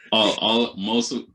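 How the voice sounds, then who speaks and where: A man's voice: lowish voice, bright, forceful tone, low-quality recording. A young man co-hosting a podcast in casual chat, easygoing and teasing, laughing a lot. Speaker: podcast co-host.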